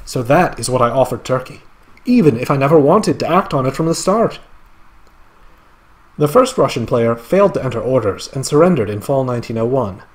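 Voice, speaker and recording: A man reading a male player's game report aloud in a deliberately bad put-on Scottish accent that drifts into other accents. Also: medium pitch, animated, close to an everyday voice. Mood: reflective. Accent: put-on Scottish, slipping into other accents. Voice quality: wavering mock accent, wry storytelling. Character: male Austrian player recounting his game.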